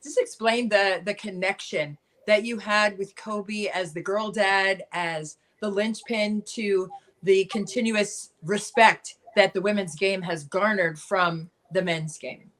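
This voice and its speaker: A woman co-hosting a podcast, asking a long question in a measured way. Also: medium pitch, steady tone, a bit bright. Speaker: co-host. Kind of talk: interview questions.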